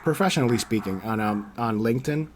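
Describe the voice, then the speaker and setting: A man hosts a casual interview podcast and talks in an animated storytelling way. His pitch sits at an ordinary middle height. A faint background hum runs under the voice. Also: quick pace. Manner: animated storyteller, acts out quoted people in a raised voice; candid, swears casually. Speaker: podcast host interviewing a creator.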